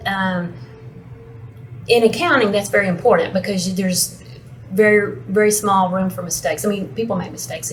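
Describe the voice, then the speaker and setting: A woman's voice: mid-range voice, slight background noise, rough recording. Earnest woman guest, lots of restarts. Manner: earnest, agreeable, restarts words often. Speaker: operations controller, interview guest. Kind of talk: casual interview chat.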